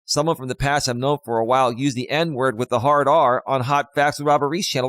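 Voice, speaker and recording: A man's voice: medium pitch, fairly even intonation, a little fast, few pauses, fairly bright tone, no echo. An impassioned man talks on his live stream as a life coach, preaching and repeating his points. His voice sits mid-range for a man. The sound is dry and close, with no room in it.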